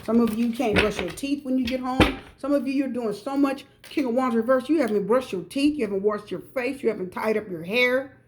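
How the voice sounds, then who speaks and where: A woman's voice: on the high side, brisk, few pauses, a little hiss or hum. A middle-aged woman from the United States giving a pick-a-card tarot reading, chatty and emphatic, repeating her advice straight to viewers. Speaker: tarot reader.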